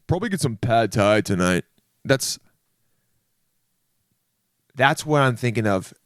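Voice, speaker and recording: Young guy rambling thru a funny solo podcast bit, keeps saying dude, mid pitch, dry sound. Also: dry recording. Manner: rambling, self-interrupting, says "dude" a lot. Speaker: podcast host. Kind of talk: comedic solo monologue.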